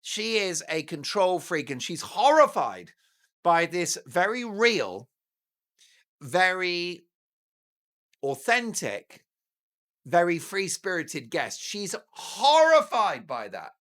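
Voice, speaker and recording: A man's voice: on the high side, fairly bright tone. A man giving scornful, indignant commentary in a theatrical manner. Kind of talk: opinionated commentary.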